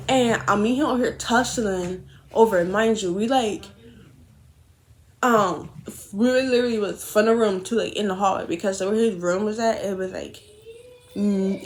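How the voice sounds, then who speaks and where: A young woman telling a rambling, animated story while doing her makeup, swearing often and correcting herself as she goes. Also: on the high side, slight background noise.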